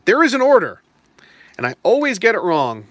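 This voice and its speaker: A man's voice: high-pitched, wildly swooping pitch, normal speed, fairly bright tone, no echo. A man hosting a casual live stream, chatting in a rambling way while answering viewer questions. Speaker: stream host. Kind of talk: casual live-stream chat about toys and trading cards.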